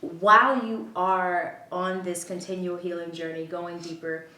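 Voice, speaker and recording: Frank, low-voiced woman podcast host. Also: steady tone, unhurried, sharp tone. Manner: frank, blunt, swears casually. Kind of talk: casual chat. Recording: echoey room, distant mic, faint noise.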